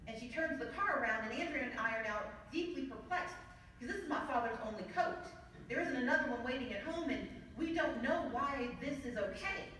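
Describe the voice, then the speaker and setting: A woman's voice: high voice, expressive, fairly bright tone, slight background noise. Woman telling a story in an echoey hall. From Mississippi Gulf Coast, US. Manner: measured, builds with repetition. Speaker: keynote speaker at a party gala. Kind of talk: storytelling campaign speech. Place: large event hall. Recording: echoey hall, distant mic.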